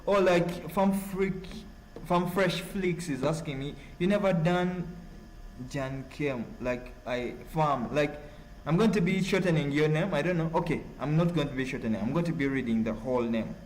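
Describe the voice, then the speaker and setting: A man's voice: a little high, a little hiss or hum, poor audio. Rambling Ugandan man hosting a stream. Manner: rambling, halting, full of fillers. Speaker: live-stream host reading chat. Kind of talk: casual live-stream chat.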